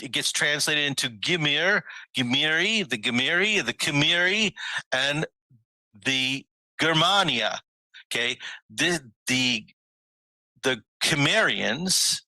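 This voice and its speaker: Guy giving a laid-back history talk over a video call, really bright sharp voice, dry close sound. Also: mid-range voice, dry recording, low-quality recording. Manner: musing, emphatic, rises on rhetorical questions. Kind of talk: casual lecture over a screen share.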